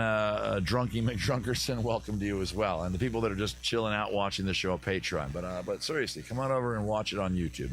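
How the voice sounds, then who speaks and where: A man originally from the US East Coast hosts a casual comedy advice live stream from his backyard. He talks in a lowish voice, rambling from one joke to the next. The sound is open and outdoors. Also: a bit bright. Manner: rambling, jokey, riffing on tangents.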